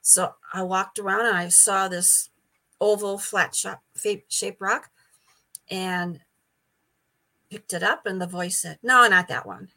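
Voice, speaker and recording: Bright-voiced chatty older woman. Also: medium pitch, little pitch movement, slow, pauses often. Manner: chatty, repeats words, laughs often. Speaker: psychic medium guest. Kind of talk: casual storytelling interview.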